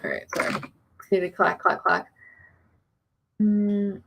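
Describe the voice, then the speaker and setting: A woman's voice: medium pitch, flat delivery, slow pace, gravelly, noisy background. A young adult woman chatting casually on a live stream, reading viewer comments aloud and rambling about her plans. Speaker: author streamer.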